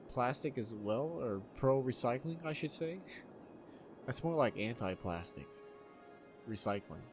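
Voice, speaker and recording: A man casually commentating his own city-building game, excitable, swearing freely and laughing often. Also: a little high. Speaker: gameplay video host. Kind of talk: casual let's-play commentary.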